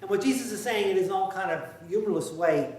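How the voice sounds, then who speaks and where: A man preaching in a church, heard from a distance in a very echoey space with soft room ambience behind him. His voice is fairly high, and he talks in a conversational, wry way, pressing hard on his points. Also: animated, a little fast, a little hiss or hum. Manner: conversational, wry, emphatic, with asides. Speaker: priest. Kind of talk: sermon. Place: church sanctuary.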